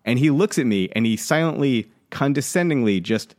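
A man co-hosting a casual podcast, telling an annoyed story with lots of swearing and lively venting. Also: medium pitch, normal speed. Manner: animated, swears, worked up while telling a story. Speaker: podcast co-host.

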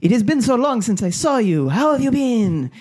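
A man voicing a very friendly, chatty older man with an indistinct accent who talks in a rapid, gushing stream. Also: high voice, lively intonation, pitched above the performer's own voice. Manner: gushing, breathless stream of words.

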